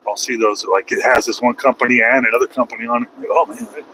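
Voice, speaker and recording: A man's voice: mid-range voice, fairly even intonation, fast talker, bright, forceful tone, slight background noise, rough recording. A middle-aged man, a truck driver, chatting casually and rambling with a folksy manner while driving his truck, swearing now and then. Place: truck cab on the road.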